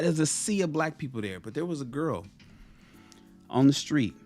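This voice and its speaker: A man talks straight to his audience in a loose, storytelling monologue, his pitch swinging up and down with lively expression. He often restarts and repeats phrases as he goes. Faint music plays underneath. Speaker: motivational vlogger. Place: home in Los Angeles.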